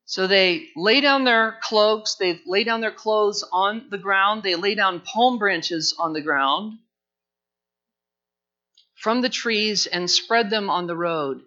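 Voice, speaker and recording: A man preaching a sermon in an earnest, emphatic way, his voice high and bright with a forceful edge. He leans on repeated phrases as he builds his points. The recording sounds dull and lo-fi. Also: slow pace. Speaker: pastor.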